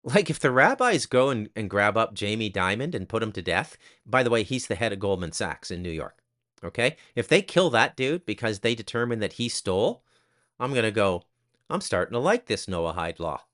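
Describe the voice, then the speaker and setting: A man's voice: fairly low pitch, lively intonation, moderate pace, a bit bright. A man hosting a casual commentary monologue, blunt, crude and sarcastic, often tagging "okay?" onto his points. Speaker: host.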